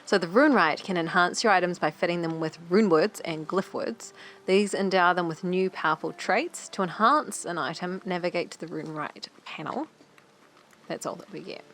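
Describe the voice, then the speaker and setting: A woman's voice: on the low side, moderate pace, a bit bright, a little hiss or hum. A woman co-hosting a game let's play, reading tutorial text and adding dry quips. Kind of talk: casual gameplay chat.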